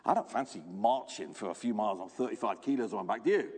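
Man, preacher, sermon, lively swooping delivery, slightly raised pitch, long church reverb. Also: quick pace, slightly rough. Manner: animated storytelling, asks the congregation questions.

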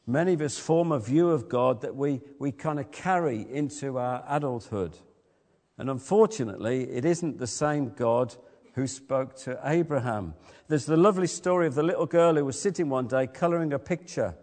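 A man's voice: medium pitch, a little mellow, big-room sound. A man preaching a sermon. He tells stories and often puts questions to his listeners. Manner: storytelling, asks the listeners questions.

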